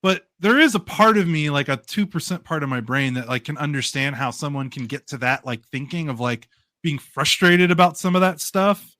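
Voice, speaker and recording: A man's voice: on the high side, expressive, moderate pace, bright, forceful tone, no room sound. A man hosting a casual podcast, talking in a rambling, hedging way with lots of fillers. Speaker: podcast host. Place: live-streamed remote show.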